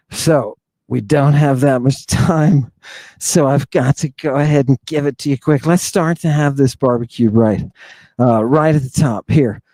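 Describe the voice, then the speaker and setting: A man hosting a livestream, talking in an excitable, jokey way with frequent exclamations. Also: medium pitch, no echo. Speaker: host. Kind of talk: livestream commentary.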